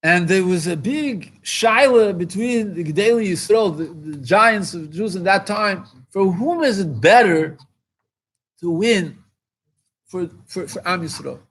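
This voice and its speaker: A rabbi speaking at a farbrengen, impassioned, repeating phrases for emphasis and rising to exclamations. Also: male voice, sits high, lively intonation, unhurried, a bit bright, breathy edge. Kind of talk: farbrengen talk.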